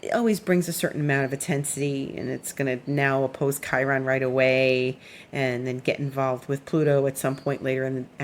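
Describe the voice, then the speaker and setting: A woman's voice: a bass voice, a little hiss or hum. A woman astrologer giving a casual weekly forecast, chatty and meandering with plenty of fillers.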